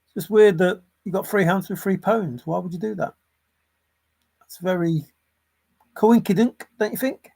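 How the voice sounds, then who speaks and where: A man's voice: sits high, steady tone, moderate pace, creaky, pauses often, a little mellow, slightly rough. A man giving unscripted solo commentary as a treasure-hunt vlogger, sarcastic and exasperated, swearing and repeating phrases for emphasis.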